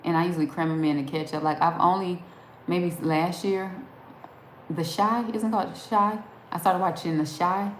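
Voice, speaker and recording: On her live stream, a chatty woman from New Jersey with a Southern accent reads viewer comments, rambling and frequently laughing. Her fairly low voice keeps a fairly even intonation and moderate pace, recorded in an echoey room with faint background noise.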